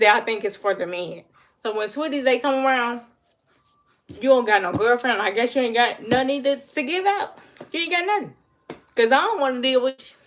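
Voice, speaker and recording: A woman giving blunt, emphatic advice to her viewers on a casual livestream and answering the chat. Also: a little high. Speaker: livestream host.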